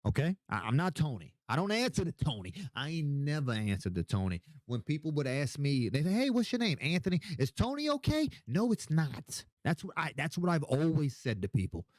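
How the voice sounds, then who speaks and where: A man's voice: medium pitch, sing-song, brisk, few pauses, darkish tone, no room sound. A tipsy young man hosting a casual livestream, rambling, swearing a lot and repeating himself as he answers chat questions.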